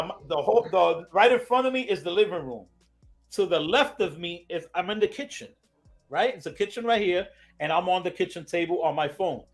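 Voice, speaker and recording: A man, a podcast host, telling a story in casual chat, animated and swearing a lot, acting out quotes loudly. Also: fairly high pitch.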